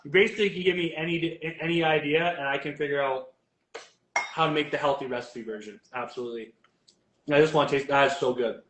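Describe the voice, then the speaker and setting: A chatty, upbeat man with a fairly high voice talks through each cooking step as he goes. He speaks casually, as a guest chef in a kitchen. The sound bounces around an echoey room. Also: steady tone, fast talker, fairly bright tone, a little hiss or hum. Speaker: guest chef and bodybuilding coach. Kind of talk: casual chat while cooking.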